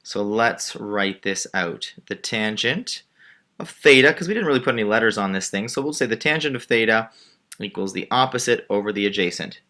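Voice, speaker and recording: A man's voice: on the low side, animated, moderate pace, pushed and bright. A male math teacher patiently walking through a word problem step by step while drawing a diagram. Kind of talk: screen-recorded math lesson.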